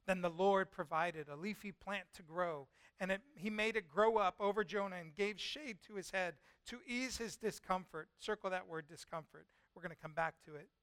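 High bright-voiced male preacher. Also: dry recording. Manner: lively storytelling, voicing God and Jonah in quotes. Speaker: pastor. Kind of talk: sermon.

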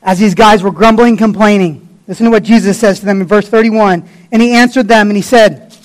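High-voiced fervent male preacher. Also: fairly even intonation, a little fast, low-quality recording. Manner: fervent, colloquial and blunt. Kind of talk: sermon.

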